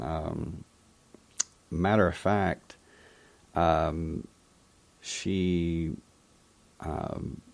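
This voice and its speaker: A man hosting a call-in talk show, telling a personal story in a reflective, halting way. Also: low voice, creaky, darkish tone. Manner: reflective, halting, with frequent restarts. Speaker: radio call-in show host.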